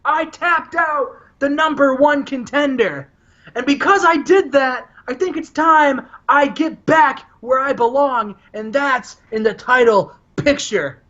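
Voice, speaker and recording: A man voicing a boastful adult male wrestler who yells his challenges. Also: extremely high pitch, a little slow, muffled recording, pitched above the performer's own voice, heavily acted. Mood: fired up. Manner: yelling challenges.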